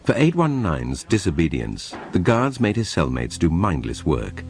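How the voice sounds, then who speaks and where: A man narrating a documentary in a measured, dramatic scripted read. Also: low-pitched, huge pitch swings, background noise.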